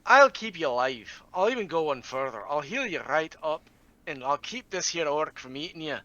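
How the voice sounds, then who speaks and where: A man's voice: on the high side, big pitch swings, normal speed, pushed and bright, dry recording, lo-fi sound, pitched above the performer's own voice. A man putting on a Scottish brogue to voice a stern, kindly healer who bargains with a captive. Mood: stern bargaining. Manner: bargaining firmly, calls people laddie.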